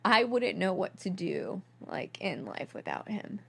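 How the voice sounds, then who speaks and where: A woman's voice: medium pitch, very animated, unhurried, gravelly, a bit bright, slightly rough. A young woman co-hosting a podcast, talking in a casual, gushing way full of fillers as she tells a personal story. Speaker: podcast co-host. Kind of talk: casual chat.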